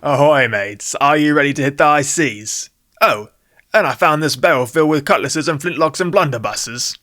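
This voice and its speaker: A man voicing an excitable young male hero who plays pirate captain in a put-on pirate accent. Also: fairly high pitch, normal speed, no echo, clean studio sound. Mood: hammy.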